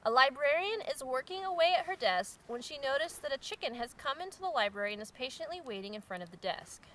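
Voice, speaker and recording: A woman's voice: sits high, animated, fast talker, pushed and bright. A woman hosting her channel, casually reading out viewer-submitted jokes and giggling at them. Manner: giggly, breaks into laughter while reading. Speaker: channel host.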